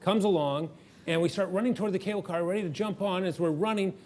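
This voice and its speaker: A man co-hosting a premarital counseling session, telling a lively story with laughter and then teaching. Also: high voice, fast talker. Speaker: marriage counselor and co-host.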